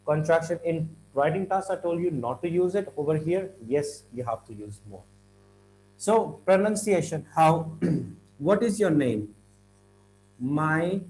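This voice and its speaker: A man from India teaching exam English, tagging "right?" onto points and clearing his throat now and then. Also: fairly high pitch, lively intonation, darkish tone, a little hiss or hum, low-quality recording. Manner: repeats "right?" often, clears throat, stresses words slowly. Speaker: IELTS teacher. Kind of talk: classroom-style explanation.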